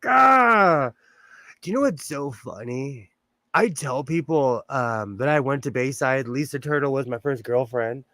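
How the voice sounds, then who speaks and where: A man's voice: mid-range voice, moderate pace, no echo. A man with a Southern Californian accent, hosting a livestream in casual, rambling chat and laughing often. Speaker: livestream host.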